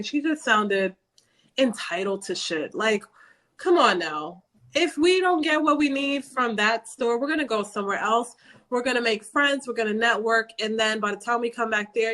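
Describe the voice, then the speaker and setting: Blunt New woman ranting. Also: fairly high pitch. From New York. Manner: blunt, swearing, animated ranting. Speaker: podcast co-host. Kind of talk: casual chat.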